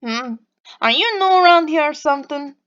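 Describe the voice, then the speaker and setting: A woman's voice: animated, moderate pace, a bit bright, lo-fi sound. A woman voicing a rude, pushy young man from Boston in a game, with a nasal, strained voice and a put-on Boston accent. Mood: condescending. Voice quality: nasal, lilting, forced deeper and strangled. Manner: brash, confrontational, talkative.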